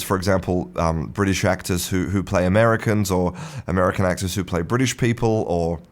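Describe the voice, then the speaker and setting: A man hosting an English-learning podcast, explaining a topic in a relaxed, rambling way, restarting sentences and repeating words. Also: low-pitched. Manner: chuckles to himself. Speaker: English teacher and podcast host. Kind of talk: casual spoken lesson.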